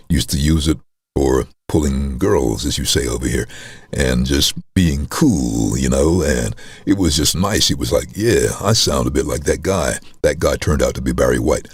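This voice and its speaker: A middle-aged man, a voice-over artist, telling stories in a casual interview with a very deep chest voice, acting out quoted lines. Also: husky, no echo, studio quality. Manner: animated storyteller, acts out voices.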